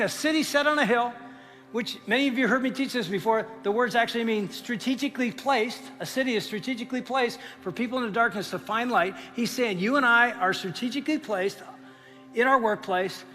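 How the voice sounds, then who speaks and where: A man preaching a sermon as pastor, telling stories with lively acted-out voices. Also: high voice. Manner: animated storytelling, acting out voices. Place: church. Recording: reverberant church hall.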